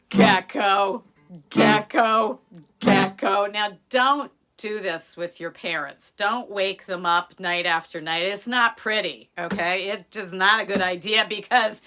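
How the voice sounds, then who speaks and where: A woman from the United States telling a folktale to children, chatting to her young listeners between scenes. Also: mid-range voice. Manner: warm chatty asides to the listeners. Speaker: storyteller. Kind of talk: storytelling to children with music.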